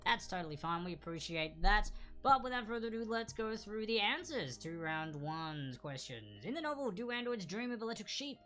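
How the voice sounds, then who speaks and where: A woman hosting a casual live online trivia quiz, chatting and repeating each answer slowly and clearly. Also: medium pitch, big pitch swings, fairly bright tone, faint music behind.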